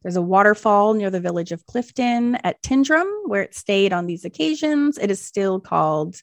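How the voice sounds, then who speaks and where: A woman co-hosting a folklore podcast in casual chat, animated, laughing often and reading passages aloud. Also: mid-range voice, moderate pace, no room sound. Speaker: podcast co-host.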